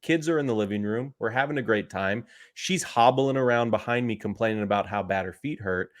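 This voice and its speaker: A man in his thirties, a podcast co-host, telling a story in an animated, sarcastic way and laughing at his own stories. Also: on the low side, fairly quick. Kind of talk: casual chat, storytelling.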